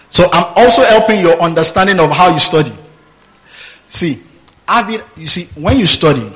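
A man's voice: a little high, a bit bright, poor audio. A man preaching a Bible-teaching sermon who reads scripture aloud, prompts the congregation with questions and laughs often. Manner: laughs often, mimics voices, rhetorical questions.

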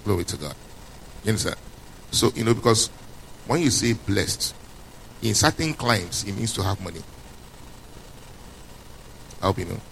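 A man's voice: lowish voice, lively intonation, normal speed, creaky, long pauses, a bit bright, slight background noise, low-quality recording. A man preaching a sermon who stresses his points, repeats them, and asks his listeners questions as he goes. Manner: emphatic, repeats key points, quizzes listeners. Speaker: pastor.

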